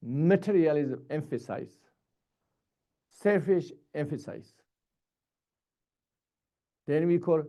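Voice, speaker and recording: A man giving a Buddhist dharma teaching in short, halting, repetitive phrases. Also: on the high side, dark tone.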